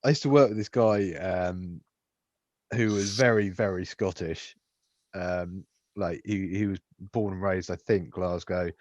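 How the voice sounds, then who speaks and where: A man's voice: sits low, measured pace, a little mellow, dry recording. Young english guy telling a story on a podcast, swears a lot, kinda muffled, dry. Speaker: podcast co-host. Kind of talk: casual chat.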